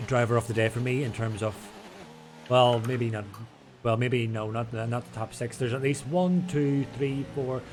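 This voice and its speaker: A man casually commentating a sim race from home, chatty and rambling, a bit tipsy. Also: medium pitch. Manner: chatty, rambling, restarts and jokes. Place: home room.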